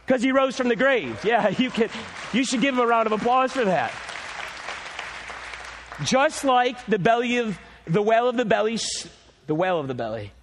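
A man preaching a sermon as pastor, telling a story with animated energy. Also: high-pitched, normal speed, a faint crowd. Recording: long hall reverb.

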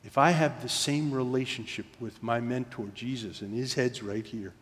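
Male pastor, mid-pitched, telling stories from the pulpit, long echo of a big church. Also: normal speed. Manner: storytelling, drops to near-whisper for quoted moments. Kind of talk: sermon. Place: church sanctuary.

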